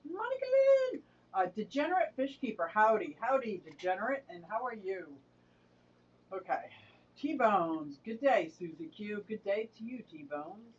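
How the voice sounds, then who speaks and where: A woman hosting a casual live stream, greeting viewers by name and chatting with them. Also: fairly high pitch. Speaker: live-stream host of an aquarium channel. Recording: dull, distant mic.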